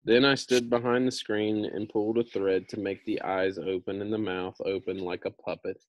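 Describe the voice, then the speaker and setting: A man's voice: lowish voice, steady tone, moderate pace, no echo, lo-fi sound, close to an everyday voice. Oz, a man reading as a sheepish little old humbug. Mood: explaining. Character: small old male humbug wizard, sheepish.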